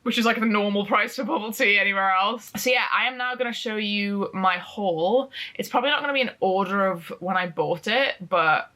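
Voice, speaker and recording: Young woman with a bright, sharp tone, chatty vlogger storytelling and casually sweary. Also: mid-range voice, a little fast, few pauses.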